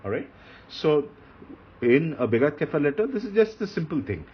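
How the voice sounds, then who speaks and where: A man's voice: a little high, very animated, normal speed. A man teaching a grammar lesson, patiently repeating and spelling out points as he writes. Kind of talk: classroom lecture on grammar. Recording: dull lo-fi recording with faint hiss.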